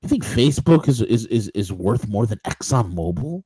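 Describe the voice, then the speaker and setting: A man's voice: lowish voice, sing-song, moderate pace, few pauses, mellow, slightly rough, no room sound, poor audio. A man co-hosting a political talk show, ranting emphatically with rhetorical questions and frequent restarts. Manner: many restarts and fillers. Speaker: show co-host.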